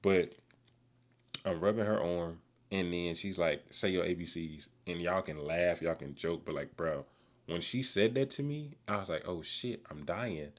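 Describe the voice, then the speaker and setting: Deep-voiced man telling a frantic story. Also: unhurried. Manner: casual, profane, slangy storytelling. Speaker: vlogger. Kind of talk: casual storytime. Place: in a car. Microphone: phone recording himself.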